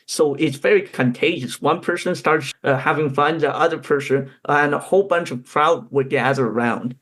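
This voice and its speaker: A man's voice: a little high, normal speed, fairly bright tone. A man hosting a podcast, asking his guest questions in a plain, friendly way. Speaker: podcast host. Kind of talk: interview questions.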